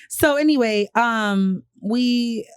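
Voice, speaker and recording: A woman's voice: on the high side, clean tone, no room sound, clean studio sound. A young woman from New York telling a personal story on a podcast, candid and profane, often laughing. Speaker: podcast co-host. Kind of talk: casual storytelling chat.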